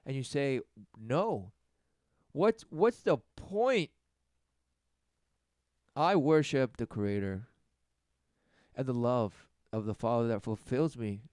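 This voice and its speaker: Sarcastic man preaching, clear dry voice. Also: a little slow, darkish tone, no room sound. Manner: mocking, mimics others in high sarcastic voices. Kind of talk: sermon rant.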